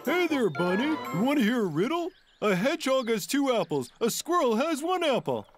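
A woman's voice: high-pitched, big pitch swings, moderate pace, soft background music. A woman doing a giggly, teasing cartoon prankster. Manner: teasing, sing-song, giggly. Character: teasing prankster friend who tells riddles. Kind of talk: cartoon voice acting.

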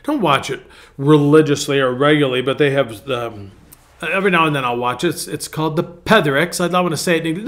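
A man's voice: a little high, quick pace, a bit bright. Man pastor giving a rambling devotional. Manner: rambling, self-correcting, clears throat. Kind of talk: casual devotional talk.

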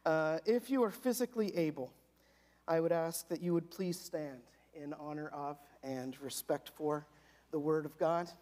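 A woman pastor giving a sermon, reading scripture slowly and with strong emphasis between nervous asides. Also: low-pitched, darkish tone. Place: church sanctuary.

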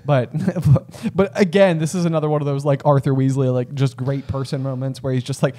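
A man's voice: mid-range voice, flat delivery, fairly quick, warm tone. A man co-hosting a casual book podcast, talking in a thoughtful, rambling way full of fillers. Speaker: podcast co-host.

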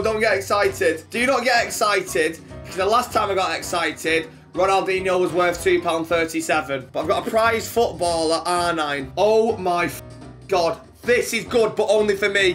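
An excitable young man with a fairly high voice opens football card packs, muttering at the duds and shouting at the big pulls. He swears freely. Loud music plays under the whole recording. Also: moderate pace. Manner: swears a lot, shouts when excited, mutters when cards are poor. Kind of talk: excitable card-opening commentary.

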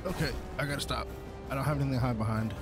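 A man's voice: medium pitch, rapid-fire, over music. A man narrating his own gameplay as a gaming YouTuber, exasperated, talking to his creature companion. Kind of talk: Let's Play commentary.

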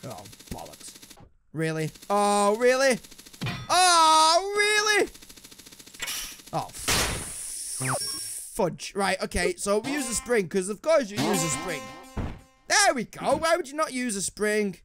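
A man's voice: high voice, big pitch swings, unhurried. A man with a British accent doing sarcastic let's play commentary, swearing and muttering to himself. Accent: British English. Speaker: gaming YouTuber. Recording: game music behind.

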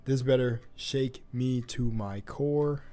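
A man hosting a reaction video in casual chat, laughing at himself and mumbling while reading, with soft music behind. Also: medium pitch, slow.

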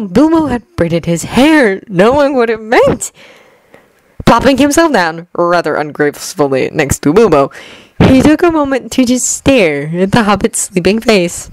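A woman reading a fanfiction story aloud at a gentle, even pace, lightly acting out the dialogue. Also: mid-range voice, no room sound, poor audio. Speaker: fanfiction reader.

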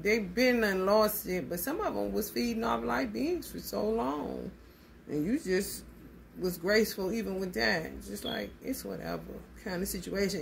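A woman doing a casual tarot reading with a gravelly, fry-edged voice at an ordinary middle pitch. She talks bluntly and swears freely, calling her listeners honey and hitting her points with animated emphasis. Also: slight background noise. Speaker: tarot reader.

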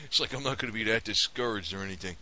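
Rambling, indignant man with a sharp voice. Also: lowish voice, racing. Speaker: vlogger. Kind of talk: casual opinion rant to camera.

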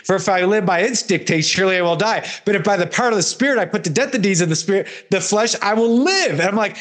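A man's voice: expressive, fast, few pauses. A man, a pastor hosting a guest, preaching fervently in conversation with repeated litanies. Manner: fervent, repetitive litanies, swings from loud peaks to low murmurs.

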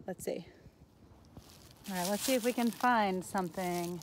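A woman leads a nature lesson for children as she walks a forest trail, asking her viewers curious questions. Her voice sits at a middling pitch. It is recorded outdoors on a handheld phone, with faint forest ambience behind her. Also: normal speed, pauses often, background noise. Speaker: teacher.

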